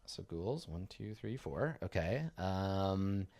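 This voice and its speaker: A man running a tabletop game as game master, narrating in a casual, animated way with many fillers. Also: deep voice, slow pace.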